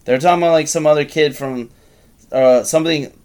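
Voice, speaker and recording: A man's voice: fairly high pitch, brisk. A young man in casual chat, trading crude jokes and telling a story with a laugh. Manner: animated, laughing, crude banter.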